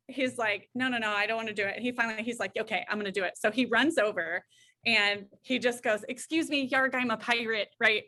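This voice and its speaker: A middle-aged woman, a guest counselor, telling an anecdote and acting out the voices in it. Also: on the high side. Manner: lively, acts out the voices in her stories. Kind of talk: anecdotal storytelling.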